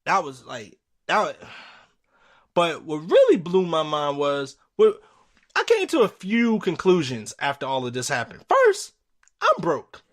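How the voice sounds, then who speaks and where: A man hosting a podcast, telling a story in a casual, animated way and acting out the people he quotes. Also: unhurried. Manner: animated, acts out quotes with jumps in pitch, swears freely. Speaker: podcast host.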